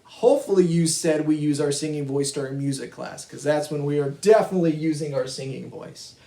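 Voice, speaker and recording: A man's voice: a little high, fairly quick, gravelly, warm tone. A male music teacher giving a virtual kindergarten lesson, patient and encouraging as he talks to young children and their families. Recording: echoey room.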